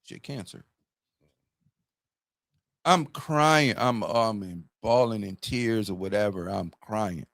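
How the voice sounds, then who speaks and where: A man's voice: fairly low pitch, slow pace, creaky, long pauses, fairly bright tone, no echo. A man in his fifties telling candid stories in casual talk as a show host. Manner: storytelling, candid and profane. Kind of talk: casual chat.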